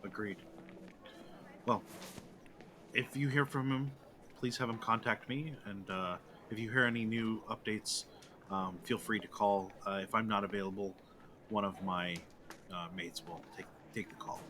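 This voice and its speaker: A man with a low but bright, forceful voice plays his character in a tabletop horror game. He speaks politely and hesitantly, with many fillers. Faint noise lies behind him. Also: steady tone, a little slow, long pauses. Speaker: player.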